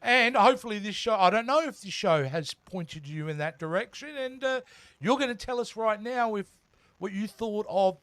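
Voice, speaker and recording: A man's voice: high-pitched, moderate pace, fairly bright tone, dry recording. A man co-hosting a TV review podcast, chatting casually and with enthusiasm, often restarting his sentences. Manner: enthusiastic, frequent restarts and fillers. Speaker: podcast co-host.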